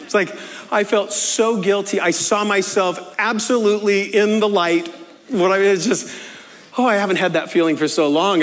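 A man's voice: sits high, a bit bright. A man preaching a humorous sermon, telling a self-mocking story with frequent laughs. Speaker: pastor. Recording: echoey hall with faint ambience.

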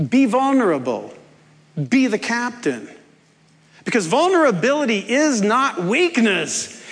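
Animated pastor preaching in a reverberant church. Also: male voice, high voice. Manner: storytelling, playful, coaxing the congregation. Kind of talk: sermon. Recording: long reverb of a church hall.

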